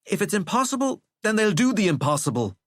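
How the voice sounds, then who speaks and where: A man's voice: high voice, very animated, brisk, no room sound, studio quality, pitched above the performer's own voice. Man voicing an earnest, unsure teenage boy. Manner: earnest, hesitant.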